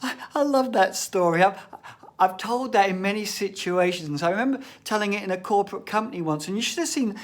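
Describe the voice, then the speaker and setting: A man giving a reflective thought-for-the-day talk, telling stories expressively and sometimes dropping to a whisper. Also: sits high. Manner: slow, expressive storyteller, often drops to a whisper. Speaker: shamanic practitioner and storyteller.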